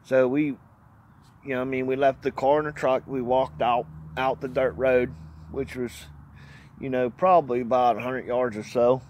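In a muffled recording with slight background noise, a man of medium pitch and darkish tone tells a hunting story at normal speed and a level tone. He's an outdoors vlogger, plainspoken and folksy, wandering through the tale while laughing often and cursing mildly here and there.

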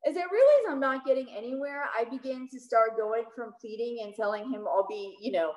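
A woman telling a personal story on stage, emotional and quick, with many "like"s. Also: fairly high pitch, expressive, a little mellow. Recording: roomy echo.

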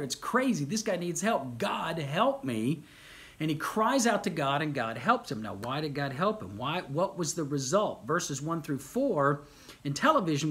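A middle-aged man preaching a sermon, animated, with rhetorical questions and repeated phrases. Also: on the high side. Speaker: pastor.

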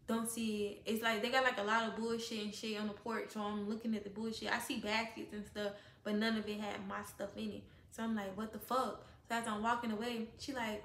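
Woman vlogger, high and sharp-toned, animated profane storyteller, roomy echo. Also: fast talker, hardly any pauses. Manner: animated, profane, talks straight to viewers. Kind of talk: casual storytime vlog.

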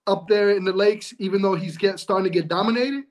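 A male co-host in casual chat, who chimes in with short, chummy remarks. His voice sits high for a man. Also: fairly quick. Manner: laughs along, short replies.

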